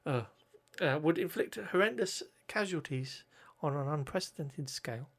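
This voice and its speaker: Slightly high, gravelly man reading notes. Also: expressive, normal speed. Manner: stumbles over words and corrects himself. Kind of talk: reading history notes aloud with asides.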